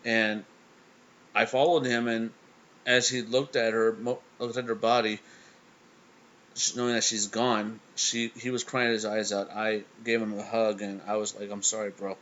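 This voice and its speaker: A man's voice: on the low side, little pitch movement, fairly bright tone, a little hiss or hum. Young guy talking it out, keeps restarting his words, muffled cheap mic sound. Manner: halting, stammering restarts. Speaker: reaction video host. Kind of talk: casual emotional storytelling.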